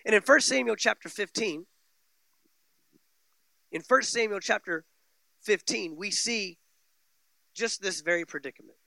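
A male pastor delivers a sermon in a high, bright voice, hammering home repeated phrases. His delivery swings from forceful peaks to hushed low lines, captured dry and close with no room echo. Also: measured pace, vocal fry, long pauses. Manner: emphatic preaching, repeating phrases with rising and falling intensity.

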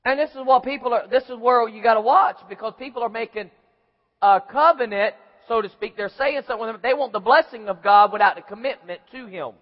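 In an echoey hall captured with dull, lo-fi sound, a pastor with a very high voice preaches briskly. His sermon is folksy storytelling, complete with acted-out scenes and character voices.

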